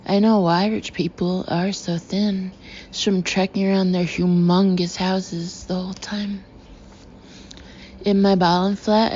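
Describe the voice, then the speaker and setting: A woman's voice: lowish voice, darkish tone, slight background noise. A woman reading a novel aloud in the first person, with a wry, chatty inner-monologue manner. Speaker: audiobook narrator. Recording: slightly muffled recording.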